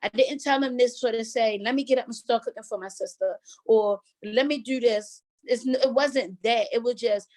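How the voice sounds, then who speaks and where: A middle-aged woman talks earnestly and conversationally as the host of a motivational show. Her voice sits a little high, and she keeps turning to her listeners as y'all. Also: normal speed, hardly any pauses, a little mellow. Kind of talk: casual motivational talk.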